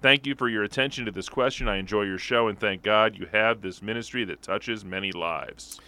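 A man co-hosting a radio show, reading listener letters aloud in a measured, steady way. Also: on the low side. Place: radio studio.

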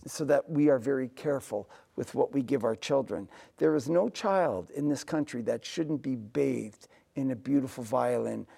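Gravelly, mellow-voiced earnest man. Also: mid-range voice. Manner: earnest, drops to a soft near-whisper for emphasis. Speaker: composer and musician guest. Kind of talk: conversational interview storytelling.

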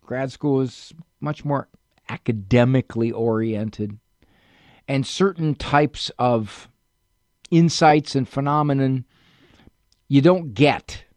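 Chatty male radio psychologist talking casually from the studio, telling stories about his own life and poking fun at himself. His voice sounds close and dry at a mid pitch. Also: slow pace, pauses often, darkish tone, dry recording. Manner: chatty, anecdotal, self-deprecating humor. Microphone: studio mic.

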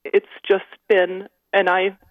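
A woman in her fifties calling in from Canada, telling her story with many pauses and fillers. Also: mid-range voice, monotone, no echo, phone-quality sound. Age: 50s. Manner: halting, many fillers, emotional at times. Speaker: caller. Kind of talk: call-in testimony.

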